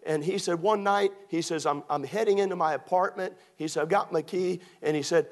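A man's voice: high voice, brisk. A man, preaching a sermon in a folksy, humorous way, acting out the dialogue of his stories. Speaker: pastor. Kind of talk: storytelling sermon.

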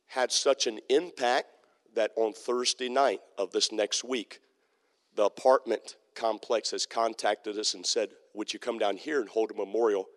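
A male pastor preaching a sermon in an emphatic, repetitive way, often checking in with the congregation. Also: mid-range voice. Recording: long hall reverb.

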